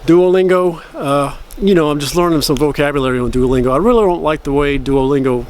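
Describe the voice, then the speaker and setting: A man with a fairly high-pitched but darkish voice rambles casually to camera about learning a language, fixing his own explanations as he talks. He works through phrases slowly and carefully; there's a little hiss or hum.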